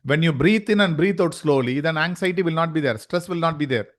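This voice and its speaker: Guy teaching a yoga class online, kinda high voice, lots of questions and repeats. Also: brisk. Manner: explains with rhetorical questions and repetition. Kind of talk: online lecture.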